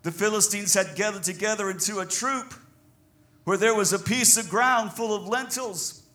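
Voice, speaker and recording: Man, Southern American accent, pastor preaching, animated, high voice, chuckles often. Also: normal speed. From Southern United States. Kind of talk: sermon.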